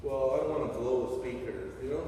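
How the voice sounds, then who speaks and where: A man giving a profane, animated pep talk to a sales team, swearing and laughing as he goes. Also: mid-range voice, brisk. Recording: echoey hall, far from the mic, faint noise.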